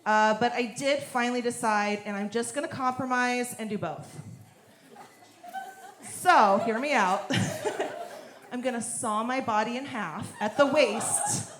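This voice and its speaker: A woman in her thirties doing a stand-up comedy set on a club stage, with a deadpan, bawdy delivery. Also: a little high, measured pace. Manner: deadpan, bawdy punchlines, laughs at own jokes. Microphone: handheld stage mic. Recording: echoey club with crowd noise. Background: audience laughter.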